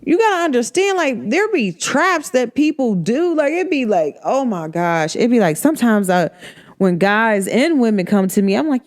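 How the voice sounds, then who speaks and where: A woman's voice: a little high, moderate pace. A woman hosting a podcast, talking casually and acting out the people in her stories. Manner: animated storytelling, acts out quoted people. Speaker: podcast host. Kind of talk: casual monologue.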